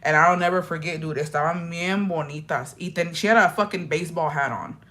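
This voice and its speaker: A woman's voice: on the low side, fairly quick. A young woman telling stories in a casual get-ready-with-me chat, swearing freely and mixing English and Spanish. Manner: profane, animated storytelling, switching between English and Spanish. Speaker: vlogger.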